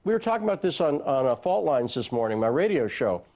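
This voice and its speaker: Animated man talking casually on a panel. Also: medium pitch, fast talker. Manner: conversational, animated. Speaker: radio host, panel guest. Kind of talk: debate commentary.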